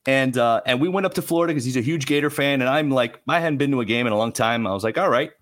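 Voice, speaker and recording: Male podcast guest, casual storyteller, lively and self-deprecating. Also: mid-range voice, fast. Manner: animated, self-mocking, restarts phrases. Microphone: remote call.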